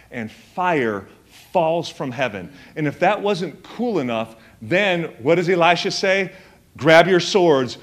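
Chatty pastor preaching to a congregation. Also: male voice, a little high. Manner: conversational, jokey, lots of fillers, quick asides to the congregation. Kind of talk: sermon. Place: church in front of a congregation.

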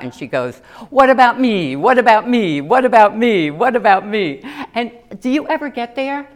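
A middle-aged woman giving an earnest personal testimony in a sermon, telling stories with animated asides. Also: on the low side. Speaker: lay preacher.

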